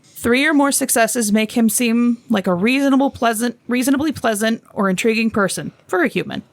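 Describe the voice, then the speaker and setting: Female player, gravelly voice, calm curious questions, dry sound. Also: on the high side, brisk, dry recording. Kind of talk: casual tabletop roleplay.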